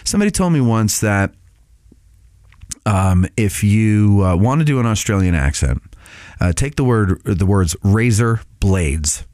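Low-voiced man rambling through a show update. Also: lively intonation, measured pace, a little mellow, no echo, clean studio sound. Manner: rambling, many filler sounds and restarts. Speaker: podcast host.

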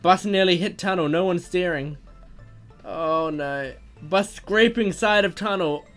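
A man reading a text story aloud and reacting excitedly as it unfolds, gasping and exclaiming at every twist. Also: high voice, a little slow, faint music behind. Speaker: gaming video host.

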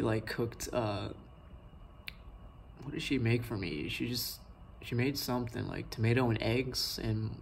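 A young adult man vlogging a personal story, talking in a halting way full of likes and ums. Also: fairly low pitch, gravelly, a little hiss or hum.

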